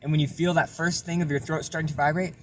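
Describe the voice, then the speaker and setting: A young man casually explaining a vocal technique in a relaxed, rambling way with lots of fillers. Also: a little high, fast talker, noisy background. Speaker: self-taught vocal tutorial maker.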